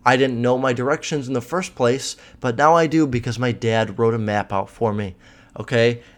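A man's voice: medium pitch, steady tone, moderate pace. Profane, rambling young man ranting. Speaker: podcast host. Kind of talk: casual solo podcast rant.

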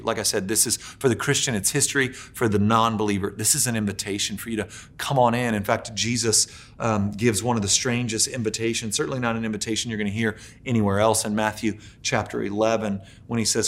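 Man, 40s, pastor, sermon, animated storytelling, filler words, hushed to loud. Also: lowish voice, a little fast.

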